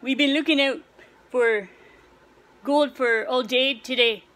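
A woman performing comedic skits, trading quick short lines between several characters. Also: sits high, fairly bright tone, low-quality recording. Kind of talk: comedic skit dialogue.

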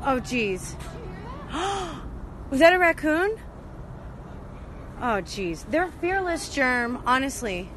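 A woman's voice: high-pitched, very animated, drawn-out words, pauses often, fairly bright tone. A woman chatting casually and teasing her castmates while filming behind the scenes. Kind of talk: casual chat. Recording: noisy outdoor vehicle ambience.

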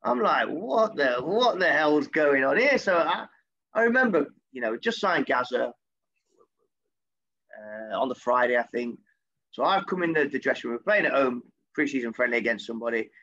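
Gravelly, husky man, former footballer, animated and sweary anecdote on a dull lo-fi recording. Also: mid-range voice. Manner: animated, swears freely, voice jumps up when quoting himself. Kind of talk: casual storytelling anecdote.

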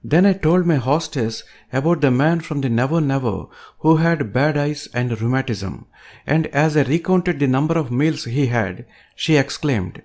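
A man reads an old book aloud as an audiobook. His voice sits at a middling pitch. His delivery is measured and emphatic. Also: animated, darkish tone. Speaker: audiobook reader. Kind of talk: audiobook reading.

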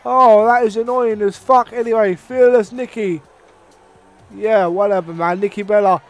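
A young man giving casual, excitable, swearing play-by-play commentary over a wrestling video game. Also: high voice, normal speed, no echo. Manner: excitable and profane, with sudden outbursts. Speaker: gaming channel host.

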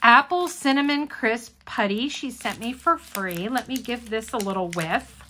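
A woman's voice: a little high, a little slow, pushed and bright, a little hiss or hum. A woman hosting a casual unboxing vlog, gushing and chatty as she talks to her viewers. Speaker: craft channel host.

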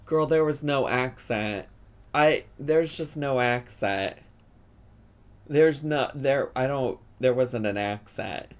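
A man commentating casually over a cooking video, chatty and swearing with sudden excited outbursts. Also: mid-range voice, slow, clean tone, soft background music. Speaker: host reacting to a cooking video.

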